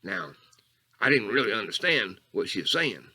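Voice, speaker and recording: A man's voice: big pitch swings, normal speed, bright, forceful tone, exaggerated voice. A man doing a rambling bayou catfish character. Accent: Southern US (Louisiana bayou). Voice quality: folksy drawl, wildly swooping pitch. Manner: meandering, digressive, mock-earnest storytelling. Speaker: comedy character host. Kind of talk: character monologue.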